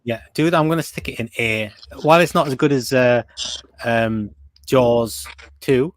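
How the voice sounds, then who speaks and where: A man's voice: medium pitch, measured pace. A man co-hosting a casual movie review chat, rambling with frequent fillers and repeated words. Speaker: podcast co-host.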